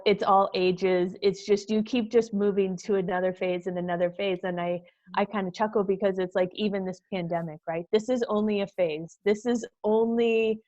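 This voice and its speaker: Earnest woman, mid pitch, muffled dry video-call sound. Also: a little mellow, no room sound. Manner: earnest, hesitant with fillers. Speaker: parent, guest in discussion. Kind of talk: casual group video chat.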